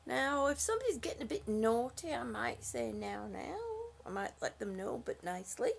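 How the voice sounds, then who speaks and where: A woman chats casually on a livestream from her home, reading out viewer comments and calling people honey. Her voice sits high, with a gravelly fry running through it. She talks through a phone or webcam mic. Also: expressive, normal speed. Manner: chatty and affectionate, frequent fillers. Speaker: livestream host.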